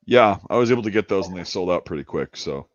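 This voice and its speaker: A man's voice: deep voice, expressive, fast, no room sound, highs cut off. A man hosting a casual chat, talking in a laid-back, rambling way and laughing easily. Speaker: channel host.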